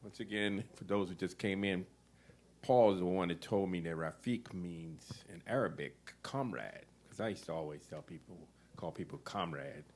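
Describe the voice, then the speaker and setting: A man's voice: sits low, normal speed, a little mellow, slight background noise. A man introducing his essay in a loose, rambling way, then reading it aloud. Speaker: poet and event organizer.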